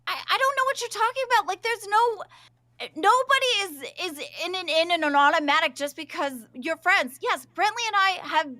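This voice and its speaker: Squeaky, worked-up woman ranting. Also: animated, normal speed, no echo, studio quality. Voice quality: squeaky when loud. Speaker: show regular. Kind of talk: livestream reaction chat.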